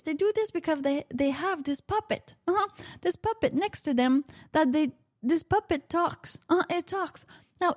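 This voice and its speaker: A woman's voice: sits high, a little mellow, no echo, clean studio sound. A woman hosting a casual solo radio show, rambling and chatty, dropping frequent "uh-huh" and "mm-hmm" fillers.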